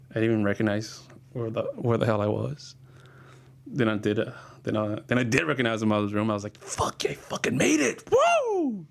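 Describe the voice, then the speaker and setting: A man's voice: fairly low pitch, gravelly. A comedian casually telling rambling, profane stories about his past and often laughing as he talks.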